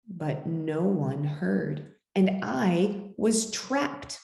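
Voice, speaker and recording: A woman tells a children's story aloud, taking her time over each line. Her pitch swoops widely and dramatically as she reads. The recording carries a noticeable room echo. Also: big pitch swings, slow pace, vocal fry, hardly any pauses, dark tone. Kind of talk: expressive children's picture-book reading.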